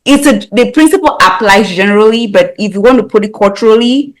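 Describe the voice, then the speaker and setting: A woman from Africa in a casual podcast discussion, animated and breaking into high laughing bursts while telling a story. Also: fairly quick, rough recording.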